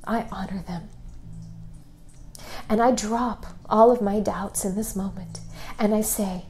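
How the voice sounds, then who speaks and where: A woman spiritual teacher softly guiding a class through repeated self-love affirmations, at times near a whisper. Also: mid-range voice, slight background noise. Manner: soft, near-whispered, slow and repetitive. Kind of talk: guided affirmation, hushed.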